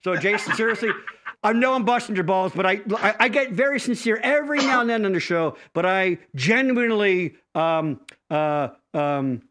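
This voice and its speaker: A man's voice: high-pitched, expressive, normal speed, a bit bright. A middle-aged man from Pennsylvania hosting a casual podcast chat, joking, swearing and rambling. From Pennsylvania, USA. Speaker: podcast host.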